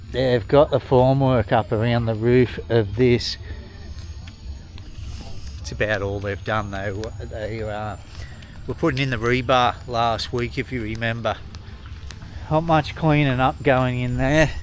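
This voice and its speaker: A man hosts his own vlog from the yard, trading blokey jokes in an easy, conversational way. His voice sits in the middle range, neither high nor low. The talk stays loose and unscripted. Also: noisy background. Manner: joking, blokey banter. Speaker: vlogger. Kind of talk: casual vlog chat. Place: outdoors at a home yard.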